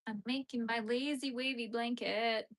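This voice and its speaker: Her voice is a little high with a steady tone and a moderate pace. A young Canadian woman on a crochet livestream, she chats casually and ramblingly with viewers, often saying "like".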